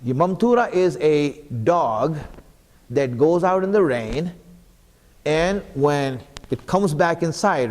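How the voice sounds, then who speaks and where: A man's voice: a little high, a little mellow. Earnest man preaching in a reverberant hall. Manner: earnest, addresses the congregation directly with repeated questions. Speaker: speaker at an Islamic center. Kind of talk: sermon. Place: mosque hall.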